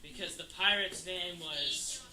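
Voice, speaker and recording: High-voiced teen guy rambling a tall tale. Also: big pitch swings, unhurried, pushed and bright, echoey room, poor audio. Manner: rambling, tongue-in-cheek, lots of "like". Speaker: storyteller. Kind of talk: casual comic storytelling.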